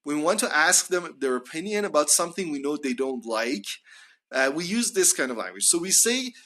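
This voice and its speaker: A young man teaching English on a live stream, slowly drawing out example phrases and exaggerating rising intonation in tag questions. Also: fairly high pitch, animated, bright, forceful tone.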